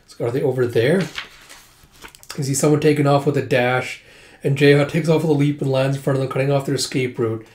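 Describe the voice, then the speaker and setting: A man's voice: mid-range voice, steady tone, fast talker, darkish tone, echoey room. A man hosting a casual comic readthrough, chatting and reading the lines aloud.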